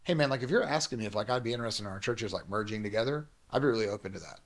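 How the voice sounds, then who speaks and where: A man, a pastor and guest, telling a personal story quickly and acting out the dialogue he quotes. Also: lowish voice, expressive.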